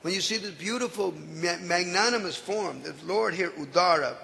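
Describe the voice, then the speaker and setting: A man teaching from scripture and telling stories in an animated way, often laughing as he explains. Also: sits high, moderate pace, gravelly. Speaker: spiritual teacher. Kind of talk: scripture lecture with storytelling. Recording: echoey hall.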